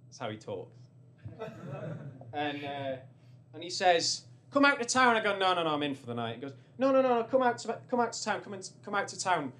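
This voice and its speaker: A young man from North East England tells a funny personal story on stage, rambling and self-deprecating, with many restarts. His voice is mid-range and a bit bright.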